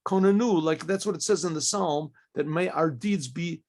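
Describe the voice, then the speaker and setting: A rabbi teaches a Torah class in a high, gravelly voice. He talks haltingly, restarting phrases and clearing his throat often. He poses questions to himself and answers them. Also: a little mellow.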